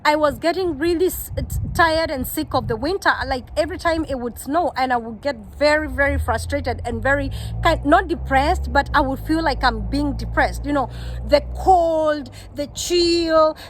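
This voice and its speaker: A Kenyan woman gives earnest, heartfelt advice in a casual vlog, repeating her points and animatedly quoting others. Her high-pitched voice moves at normal speed, with slight background noise and poor audio.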